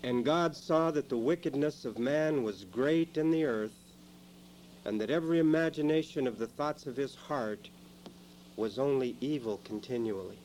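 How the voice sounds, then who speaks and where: A man preaching a sermon in a church, dramatic, moving between quiet asides and loud emphatic lines. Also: medium pitch, moderate pace, a little hiss or hum, rough recording.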